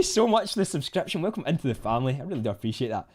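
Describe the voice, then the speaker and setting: A man's voice: medium pitch, sing-song, rapid-fire, few pauses, darkish tone, slightly rough. A Scottish man hosting a casual livestream, chatting to viewers in a rambling way and often restarting his sentences. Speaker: livestream host reading chat. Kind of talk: casual live chat.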